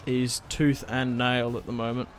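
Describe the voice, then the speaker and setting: A man's voice: mid-range voice, flat delivery, moderate pace. A man giving casual, thinking-aloud commentary on a strategy game he is playing, and swearing when things go wrong. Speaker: gaming channel host.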